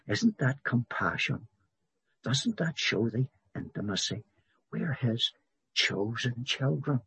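A man preaching a sermon in a slow, emphatic way, swelling louder on key words. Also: medium pitch, gravelly, breathy edge, no echo.

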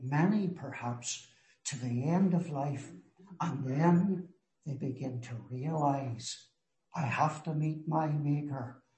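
A man preaching a sermon in a slow, earnest way, with emphatic rises on key words. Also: medium pitch, a little mellow. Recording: echoey room.

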